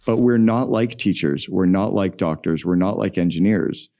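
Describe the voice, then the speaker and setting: A middle-aged man, a guest entrepreneur, telling stories in an energetic, emphatic way in a podcast interview. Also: low-pitched, normal speed.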